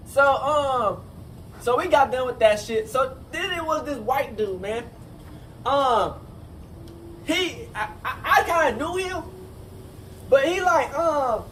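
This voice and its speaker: A man casually telling a rambling, profane story, full of fillers and restarts. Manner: rambling, animated, profane, repeats "you know what I'm saying". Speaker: storyteller recounting a jail fight. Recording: distant mic with faint rumble.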